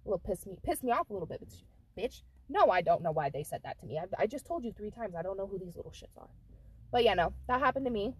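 Her voice is husky and medium-pitched, and she talks fast. She's co-hosting a casual podcast, telling a swear-heavy story and acting out the quotes with lots of animation.

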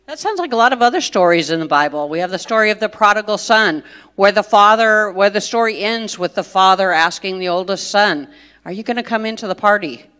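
A woman's voice: mid-range voice, brisk, a bit bright, clear, resonant tone. A woman interviewing a biblical figure, asking inquisitive questions and adding thoughtful comments.

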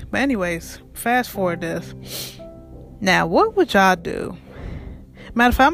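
Profane animated storyteller over faint music. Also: medium pitch. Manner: animated, profane, addresses viewers directly. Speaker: vlogger. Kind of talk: casual storytime rant to camera.

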